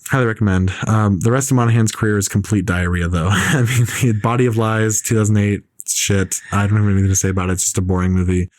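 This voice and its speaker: A man's voice: lowish voice, fairly even intonation, fast, few pauses, dry recording, clean studio sound. A man ranting in casual podcast chat, opinionated and rambling, with lots of "like" fillers. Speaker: podcast co-host.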